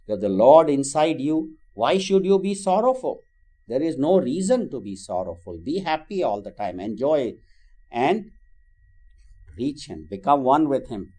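A man teaching a spiritual class, gently telling stories with many fillers. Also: medium pitch.

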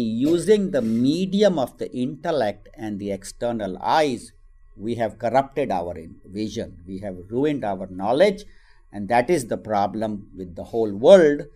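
A man, giving a spiritual teaching on scripture and acting out a story as he tells it. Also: mid-range voice. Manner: animated storytelling, acts out voices in quotes.

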